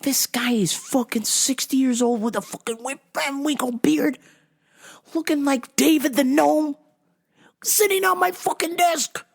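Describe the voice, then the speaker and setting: A woman hosting a podcast speaks in a high-pitched voice, a little slowly, with vocal fry. She casually retells a story with plenty of swearing and exasperation, acting out both sides of an argument.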